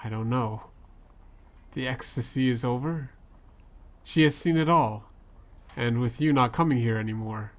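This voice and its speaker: A man's voice: medium pitch, unhurried, long pauses. A man playing a story game, reading its dialogue aloud in a playful way and switching voices for the characters. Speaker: let's play gamer.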